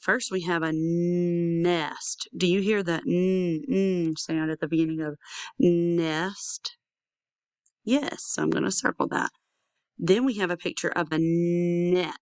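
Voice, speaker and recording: A woman teaching a young children's phonics lesson, sounding out letters slowly and repeating handwriting chants. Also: on the low side, creaky, dry recording. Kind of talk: early-years phonics lesson.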